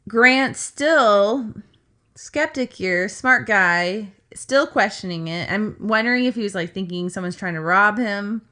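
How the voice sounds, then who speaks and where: Female podcast co-host, bright tone, casual rambling storyteller. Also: mid-range voice, unhurried. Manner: chatty, filler-heavy retelling with asides.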